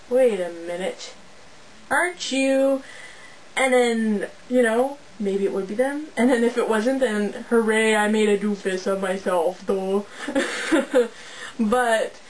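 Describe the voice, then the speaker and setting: A woman's voice: fairly high pitch, slight background noise, low-quality recording. A young woman from Canada, a teenage fan club moderator, chatting in a bubbly, rambling way into a camera's built-in mic at home. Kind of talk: casual webcam vlog.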